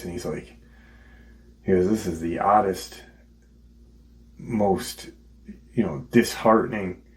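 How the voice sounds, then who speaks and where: A man casually retelling an encounter as a podcast host, halting with many ums and restarts. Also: deep voice, rough recording. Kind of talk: casual spoken storytelling.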